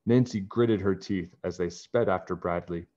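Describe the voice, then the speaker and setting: A man reading a children's book aloud in a calm, even narrating voice. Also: low voice, normal speed. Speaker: storybook reader. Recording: dull lo-fi recording.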